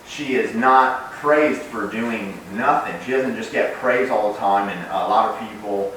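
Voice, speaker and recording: Unhurried and fairly low-pitched, a male dog trainer explains things while training in a relaxed way, giving the puppy bright, sharp commands. This casual instructional demo comes from a very echoey room with a distant mic and a little hiss or hum.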